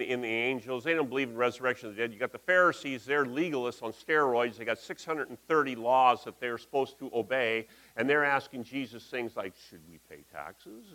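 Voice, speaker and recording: A man's voice: mid-range voice, a bit bright, low-quality recording. A man giving a conversational, folksy sermon in a church, talking through slides with asides. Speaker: pastor.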